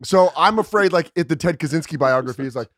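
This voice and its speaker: A man's voice: fairly high pitch, animated, fast talker, a bit bright, no room sound, clean studio sound. A man hosting a comedy podcast, talking crudely and acting out quotes in silly voices. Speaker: podcast host. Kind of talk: casual comedy chat.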